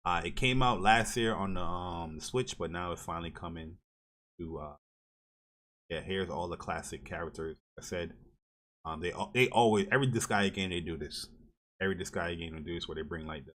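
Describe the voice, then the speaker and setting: Podcast co-host, a man with a fairly low voice, excitable and rambling. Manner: hyped, rambling with many fillers. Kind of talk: casual gaming podcast chat.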